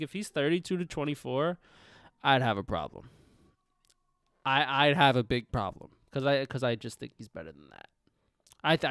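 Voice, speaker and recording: Young guy rambling on a sports stream, lively gravelly voice, swears and laughs a lot, dry close mic. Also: mid-range voice, dry recording. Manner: loose, laughing, swearing, trailing off and humming. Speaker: sports livestream host. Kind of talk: casual livestream chat. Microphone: headphones on, close mic.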